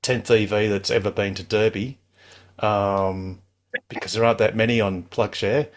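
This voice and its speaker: A man's voice: on the low side, steady tone, moderate pace. A man hosting a club call-in show, giving casual, reassuring advice in a chatty way with frequent restarts. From Australia. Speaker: club host.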